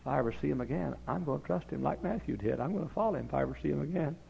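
A man's voice: on the high side, expressive, rapid-fire, vocal fry, darkish tone, breathy edge, heavily acted. A man voicing a short, eager tax collector, talking in an earnest, pleading way in a sermon story. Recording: dull lo-fi recording.

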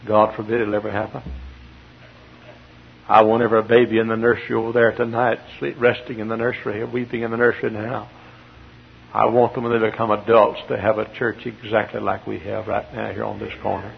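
A man's voice: lowish voice, level tone, brisk, gravelly. A male pastor preaching a sermon in a church, telling a story with emphatic bursts. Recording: dull lo-fi sermon tape with faint hiss.

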